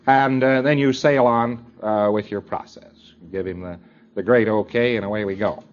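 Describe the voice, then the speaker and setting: A man's voice: on the low side, fairly even intonation, moderate pace. Rambling male lecturer on dull old tape. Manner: rambling, filler-heavy, acts out dialogue. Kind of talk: lecture to students.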